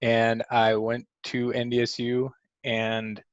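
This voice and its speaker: A man's voice: mid-range voice, completely flat delivery, slow, no room sound, lo-fi sound. A man in his late thirties from North Dakota, presenting a work webinar in a casual, rambling way with lots of fillers, still in his groggy morning voice. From Fargo, North Dakota. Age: late 30s. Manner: chatty, rambling with many fillers and restarts. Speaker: senior manager presenting a webinar. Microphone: video call.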